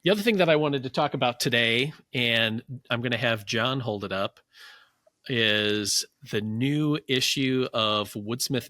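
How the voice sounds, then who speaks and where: A man's voice: on the low side, pushed and bright, dry recording. A man hosting a podcast, easygoing and agreeable in casual chat. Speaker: podcast host.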